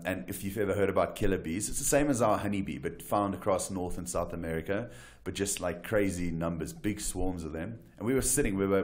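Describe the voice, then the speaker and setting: A deep-voiced man from South Africa recounts wild adventures as a talk show guest. He talks in a casual, animated way, often restarting sentences and checking in with "right?". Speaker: wildlife guide and photographer, guest. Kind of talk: casual storytelling interview.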